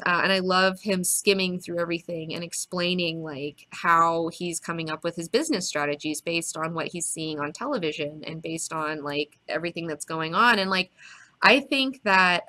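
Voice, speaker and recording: A young woman hosting a casual comic recap, excited and profane, rambling with lots of fillers. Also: fairly low pitch. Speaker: comic book video host.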